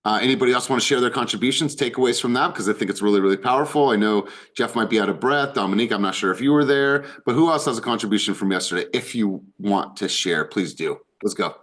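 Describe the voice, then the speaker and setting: A man's voice: lowish voice, quick pace, hardly any pauses, fairly bright tone. A man hosting a group coaching call over video, talking with enthusiasm and repeating words for emphasis.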